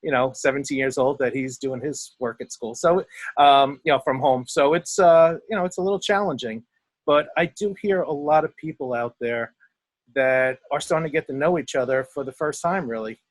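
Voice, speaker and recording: A man's voice: medium pitch, normal speed, dry recording. Man, co-host, casual filler-heavy chat, dry close sound, video call. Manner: relaxed, chatty with filler words. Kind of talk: casual talk show chat. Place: outdoors at home.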